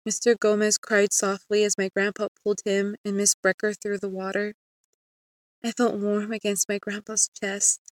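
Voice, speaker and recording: A woman narrating a spooky story in the first person, in a calm, steady storybook reading. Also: mid-range voice, no echo.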